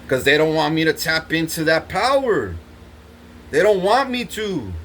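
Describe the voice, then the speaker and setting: This is a man whose voice sits high for a male speaker. He rambles through his tale in a swaggering, profane way, laughing to himself between lines. A faint hum of noise runs behind him. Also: lively intonation, a little slow, fairly bright tone. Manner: boastful, swears constantly, laughs between lines. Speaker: vlogger.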